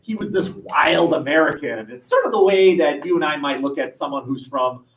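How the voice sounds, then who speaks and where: A man teaching history in a lively classroom lecture, joking and acting out quotes with plenty of fillers. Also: a little high, normal speed. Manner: jokey, acts out quotes, many fillers. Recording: voice from far off the mic in a classroom.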